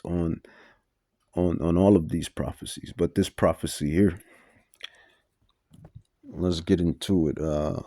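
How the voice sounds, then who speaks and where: A man's voice: low voice, darkish tone, no room sound, clean studio sound. A man preaching a Bible teaching sermon, emphatic and repetitive with stumbling restarts.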